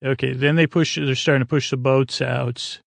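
Flat, gravelly man recapping a show. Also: medium pitch, no echo. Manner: halting, loose, full of filler sounds while paraphrasing scenes. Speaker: podcast host recapping a TV episode. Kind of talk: casual episode recap read from handwritten notes.

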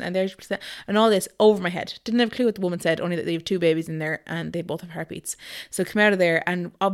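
A woman in her thirties telling a personal story in a casual interview, chatty, with many ums and likes. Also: fairly low pitch. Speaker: guest.

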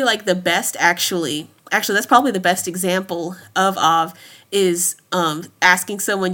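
A woman's voice: medium pitch, steady tone, normal speed, pushed and bright. A woman in her thirties chatting casually as a podcast guest, laughing often between her thoughts. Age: 30s. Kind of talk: casual chat.

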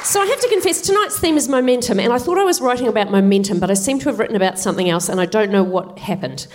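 A woman's voice: a little high, expressive, rapid-fire, a little mellow, some chatter behind, slight background noise. Wry woman telling a stand-up story. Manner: wry, chatty asides. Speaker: guest comedian. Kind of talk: stand-up storytelling, live on stage. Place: theatre stage.

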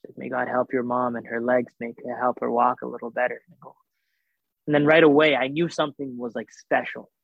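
A man with a mid-range voice and vocal fry speaks briskly, a guest telling a personal story over a dry, thin, phone-like line. His casual retelling is animated, full of reported dialogue and many fillers.

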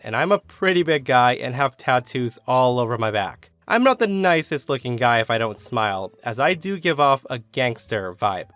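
A man's voice: mid-range voice, no echo. A man narrating reader-submitted stories in a scripted style, with casual asides between them. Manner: animated storytelling, casual asides. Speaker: story narrator. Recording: dry close mic with faint music.

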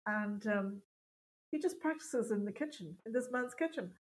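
A middle-aged Irish woman, a stand-up comedian chatting in an interview, self-mocking and quick to laugh. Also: mid-range voice, animated, rough recording. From Ireland. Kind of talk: casual interview chat.

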